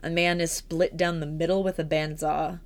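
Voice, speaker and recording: Giggly rambling woman podcaster, lowish voice. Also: level tone, normal speed. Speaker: podcast co-host. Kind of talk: casual chat about horror films.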